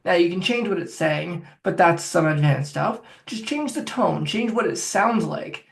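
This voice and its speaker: A man's voice: high voice, lively intonation, unhurried, creaky. A man working as a phobia coach, talking the listener step by step through a guided self-help exercise. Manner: directive, coaching, talks viewer through steps.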